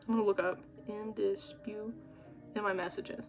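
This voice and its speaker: A young adult woman giving an exasperated, animated rant in a casual vlog. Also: mid-range voice, normal speed, over music. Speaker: vlogger. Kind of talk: ranting vlog monologue.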